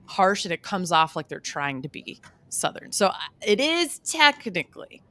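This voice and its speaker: A woman's voice: on the low side, big pitch swings, moderate pace, fairly bright tone. A woman in her thirties, co-hosting a podcast, who chats and explains at length with lots of fillers. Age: 30s. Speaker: podcast co-host. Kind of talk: casual chat.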